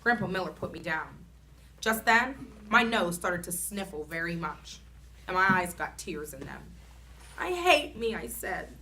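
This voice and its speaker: A woman reading a children's chapter book aloud in an expressive, animated storytelling manner. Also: on the low side, a little slow, a little hiss or hum.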